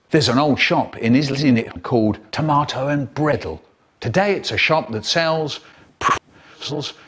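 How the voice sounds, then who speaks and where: Fairly high and a bit bright, his voice carries comic poems and stories told with theatrical flair. As a children's poet and storyteller, he slips into playful put-on voices and stretches his timing for effect.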